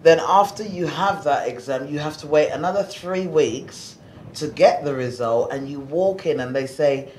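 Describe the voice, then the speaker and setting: A male interviewer asks questions in a conversational way, often closing with tag questions. His voice sits a little higher than usual for a man. The sound is roomy and echoey, with faint background noise. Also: moderate pace, darkish tone.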